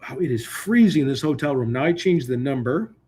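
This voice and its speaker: A man's voice: medium pitch, expressive, fairly quick, warm tone, husky. Rambling, jokey male host. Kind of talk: live call-in stream. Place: hotel room.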